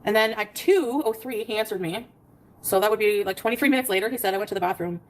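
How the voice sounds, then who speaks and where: Fast-talking woman reading out her messages. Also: medium pitch, poor audio. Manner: rapid storytelling, reading out text messages. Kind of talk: casual livestream chat.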